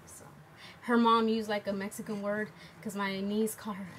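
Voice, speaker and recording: At a moderate pace and medium pitch, a woman rambles through a home makeup tutorial. She sounds laid-back and leans on lots of fillers, while background noise is clearly noticeable.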